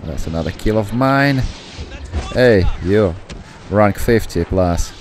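Deep-voiced excitable gaming commentator man. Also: takes it slowly, a little hiss or hum. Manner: excitable, swears then apologizes, rambling asides. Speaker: gameplay commentator.

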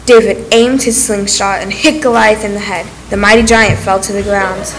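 A woman reading a children's Bible story aloud in church, clear and steady. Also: mid-range voice, moderate pace, noisy background.

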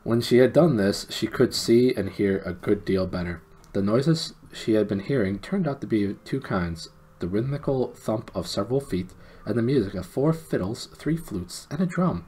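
Husky guy reading a kids book on stream, kinda casual, low voice. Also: lively intonation, normal speed, mellow. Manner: casual, with stumbles and asides. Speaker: reader. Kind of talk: reading a children's novel aloud on a livestream.

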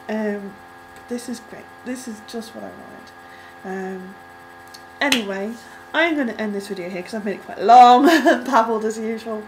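A young woman casually reacting to a music video, rambling with lots of ums and likes and breaking into excited squeals. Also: medium pitch, a little slow, background noise.

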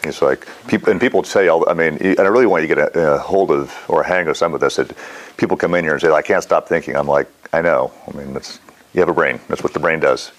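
A man's voice: a bass voice, fast talker. A middle-aged man teaching a mindfulness class in a casual, rambling way, often quizzing his students. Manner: rambling, animated, asks the class questions.

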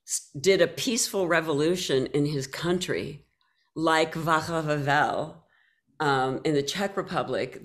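A woman being interviewed from home over a video call, telling stories in an animated way and acting out her own past reactions. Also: low-pitched. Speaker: guest, author. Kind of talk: conversational interview. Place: home, by a mantelpiece.

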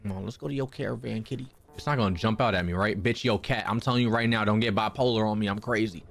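A young man hosting a let's play, commenting crudely and jokingly, often jumping into silly high-pitched voices. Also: fast talker, gravelly. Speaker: gaming channel host.

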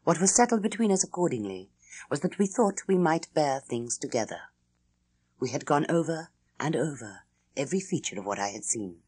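A woman reading a classic novel aloud as an audiobook, with an expressive, dramatic delivery. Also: low voice, normal speed, slightly rough. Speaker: audiobook reader. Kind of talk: scripted narration of a classic novel.

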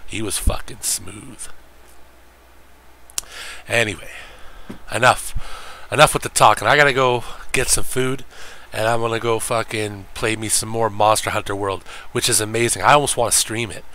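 A man's voice: on the low side, steady tone, moderate pace, pauses often, pushed and bright. A man streaming games and chatting casually with his viewers, cursing freely, joking and rambling. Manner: profane, joking, rambling, mimics friends in quotes. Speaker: game streamer.

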